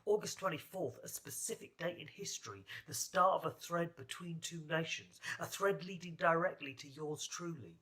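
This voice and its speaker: A man's voice: a little high, gravelly, pushed and bright. A man from England performing a spoken word poem in a rhythmic, sardonic rhyming delivery. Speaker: poet.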